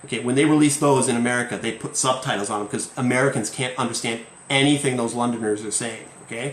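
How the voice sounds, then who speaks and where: A man's voice: mid-range voice, fairly even intonation, racing, a little hiss or hum. A man hosting a live-stream chat as an English teacher, talking emphatically and tagging points with "okay?". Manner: emphatic, keeps asking "okay?". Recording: roomy echo, faint ambience.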